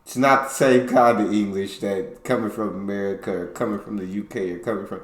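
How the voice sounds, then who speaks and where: A man's voice: fairly low pitch, steady tone, echoey room. A man hosting a reaction video, talking casually and reacting to clips. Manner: loud hype intro, then quick casual asides.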